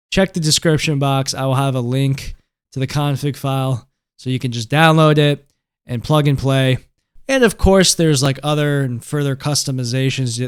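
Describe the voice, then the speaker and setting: Man, tech tutorial host, casual and chatty, checks in with "right?", smooth resonant voice. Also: mid-range voice. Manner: conversational, keeps checking in with "right?" and "okay?".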